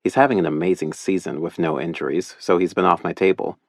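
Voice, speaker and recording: A man's voice: deep voice, steady tone, fast, creaky, no echo. A man narrating a romance audiobook in the first person, with wry storytelling into a studio microphone.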